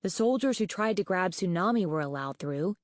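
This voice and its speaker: A woman's voice: on the low side, lively intonation, fairly quick, no echo, clean studio sound, natural voice. A woman doing a clever, nervous young dragon. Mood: thoughtful.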